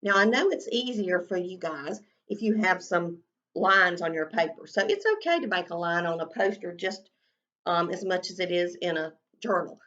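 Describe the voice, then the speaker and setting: A kindergarten teacher models a writing lesson for young children, speaking slowly in a sing-song way and stretching out sounds while she writes and draws. Her voice is lowish with a fairly bright tone, and the recording is muffled.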